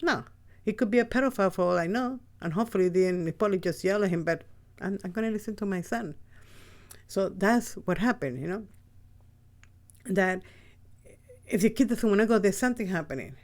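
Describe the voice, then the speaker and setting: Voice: medium pitch, brisk, long pauses. A podcast host speaking in a casual, rambling monologue, blunt and often profane, with frequent restarts. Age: adult with a child.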